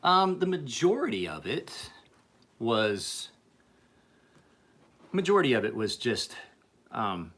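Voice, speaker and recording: A man's voice: medium pitch, very animated, takes it slowly, long pauses, a bit bright. A man who sharpens and refinishes knives, chatting casually and profanely with viewers on a livestream. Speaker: knife sharpener.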